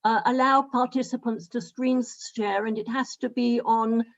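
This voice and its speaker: A woman hosting an online meeting, talking haltingly with many fillers while she sorts out settings on a video call. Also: a little high, fairly even intonation, dull audio. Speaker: event host.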